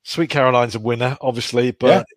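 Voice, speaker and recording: A man's voice: medium pitch, steady tone, fairly quick. Joking Welsh-born man with a Brummie lilt. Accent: Birmingham. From Wales. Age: middle-aged. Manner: jokey, self-mocking. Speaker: dentist, podcast co-host. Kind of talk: casual chat.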